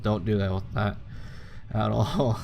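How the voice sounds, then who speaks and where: A man's voice: lowish voice, steady tone, slow pace, vocal fry, a little mellow, soft background music. A young man giving casual, rambling commentary while playing a game, chatting freely and swearing now and then. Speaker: gaming channel host.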